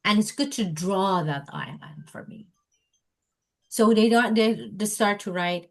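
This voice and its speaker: Slow-speaking woman teacher trainer. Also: mid-range voice. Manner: acts out student and teacher dialogue, non-native phrasing.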